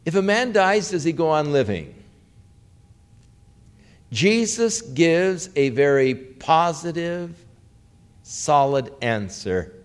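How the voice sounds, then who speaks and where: A man preaching a sermon, slow and dramatic, with rising questions and hushed quotes. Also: a little high, big pitch swings, clean tone. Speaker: pastor.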